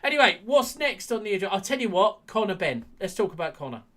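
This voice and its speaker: Man, high voice, rambling boxing chat host. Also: sing-song, quick pace, a bit bright. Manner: chatty, rambling, frequent restarts and laughs. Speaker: podcast co-host.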